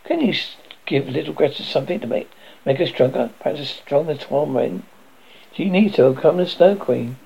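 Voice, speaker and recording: A man's voice: on the high side, a little fast, vocal fry, mellow, breathy edge. A man voicing an anxious, loyal reindeer in a storybook reading, urgent and pleading. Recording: dull lo-fi recording.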